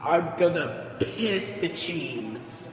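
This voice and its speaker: A high-pitched cartoon cat, put on by a man, cussing and careening all over the scale as it yells in fits and starts. It speaks very slowly, drawn out, in amateur voice acting. The sound is roomy and echoey, picked up from well away from the mic. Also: animated, heavily acted. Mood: ranting. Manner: erratic, swearing, bursts into yells. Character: foul-mouthed hyper male cartoon cat. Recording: echoey room, far from the mic.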